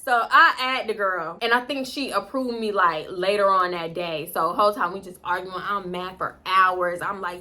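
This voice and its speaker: A young woman telling a storytime to camera in casual chat, animated and jumping into loud high-pitched quotes. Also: moderate pace, hardly any pauses. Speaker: storytime vlogger.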